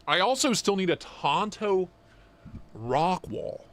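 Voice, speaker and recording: A young man co-hosting a live stream, chatting casually and swearing as he jokes and gets excited. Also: high voice, takes it slowly. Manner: excited, profane, joking. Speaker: knife show co-host.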